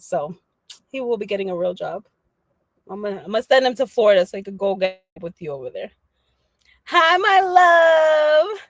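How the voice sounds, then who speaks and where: A woman chatting casually on a livestream, animated and slangy, laughing often as she talks to her viewers. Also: mid-range voice, no echo. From Dominican family background. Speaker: livestream host.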